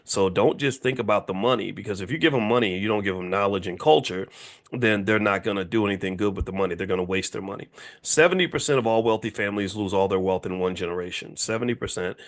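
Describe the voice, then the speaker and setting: A man in his fifties with a fairly low voice lectures casually on finance, pressing his points through repetition. He keeps throwing rhetorical questions at the listeners, in an emphatic, conversational way. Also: fast talker. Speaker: finance educator and commentator.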